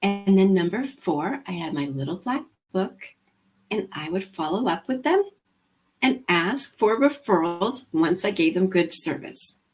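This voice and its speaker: A middle-aged woman hosting a show, casually retelling a story with lively quoted dialogue. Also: fairly low pitch, measured pace, faint music behind. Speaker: host and sales coach.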